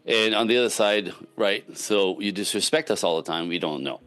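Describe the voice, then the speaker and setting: A man's voice: on the low side, moderate pace. A man, a relationship coach speaking as a podcast guest, giving casual but emphatic advice and often checking in with "right?". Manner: emphatic, animated, frequent "right?" tags.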